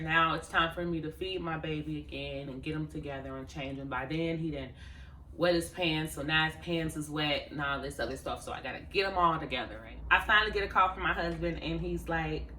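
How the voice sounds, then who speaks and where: A woman's voice: low voice, fairly quick, bright, forceful tone, reverberant, slight background noise. A woman vlogging, casually telling a story to camera with laughs and quoted asides. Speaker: life coach and vlogger.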